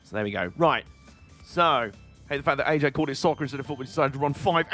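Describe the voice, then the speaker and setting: A man's voice: mid-range voice, moderate pace, long pauses, a bit bright, soft background music. A British man streaming a video game, giving casual, joking and rambling commentary. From Britain.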